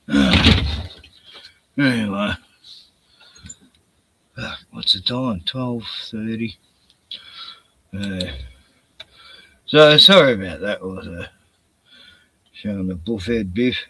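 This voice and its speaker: A man's voice: fairly low pitch, vocal fry, background noise. An older man with an Australian accent hosting a casual late-night livestream, out of breath, sighing and swearing as he rambles. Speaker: livestream host.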